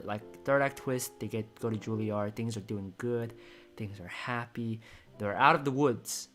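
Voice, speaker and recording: Man, lowish voice, choked up, rambling script read-through, faint music behind. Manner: excitable, emotional, with frequent restarts. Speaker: screenplay reader and commentator.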